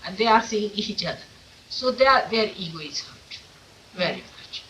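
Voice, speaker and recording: Woman spiritual teacher, forceful and emphatic, rhetorical questions; old off-mic tape with light hiss. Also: mid-range voice, expressive, normal speed, far from the mic, rough recording. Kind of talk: informal talk to followers. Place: meeting room of an ashram.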